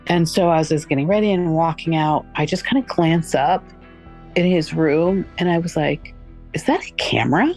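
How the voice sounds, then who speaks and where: A woman's voice: sits low, fairly even intonation, moderate pace, dark tone, faint music behind. A woman recounting a personal experience in a candid, conversational way, often using "like" and acting out what people said. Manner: conversational, frequent "like" fillers, acts out quoted dialogue. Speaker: guest recounting her experience.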